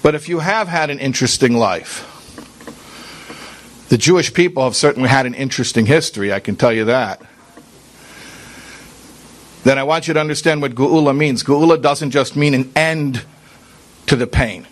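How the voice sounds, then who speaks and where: A man's voice: mid-range voice, normal speed, long pauses. A man giving an earnest, conversational sermon as a rabbi, talking straight to his listeners and mixing in Hebrew and Yiddish religious terms. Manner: earnest, talks straight to listeners with rhetorical questions. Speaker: rabbi giving a Torah class.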